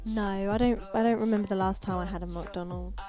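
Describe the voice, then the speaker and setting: A woman's voice: medium pitch, steady tone, brisk, mellow, soft background music. A woman co-hosting a casual livestream quiz, laughing often. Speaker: co-host.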